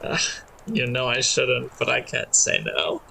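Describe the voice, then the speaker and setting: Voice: medium pitch, animated, unhurried, creaky, pushed and bright, breathy edge, pitched below the performer's own voice, full character voice. A player voicing a drunk, boastful mouse adventurer whose accent slips around. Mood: indignant. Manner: slurring, inconsistent accent.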